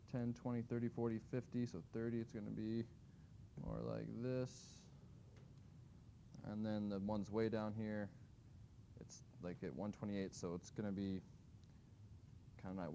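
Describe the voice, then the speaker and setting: A man's voice: mid-range voice, darkish tone, slight background noise. A man teaching a math class, talking casually and thinking aloud as he graphs. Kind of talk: classroom lecture.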